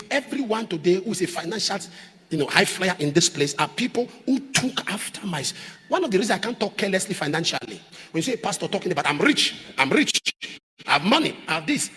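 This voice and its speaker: A man preaching a sermon as a pastor, emphatic, repeating phrases and rising to shouts. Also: high voice, slightly rough, in a large hall. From Nigeria.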